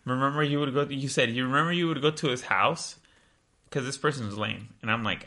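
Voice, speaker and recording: Laid-back young man with creaky voice. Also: mid-range voice, a little fast, bright, forceful tone. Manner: laid-back, teasing, quoting texts aloud. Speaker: podcast co-host. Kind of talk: casual chat.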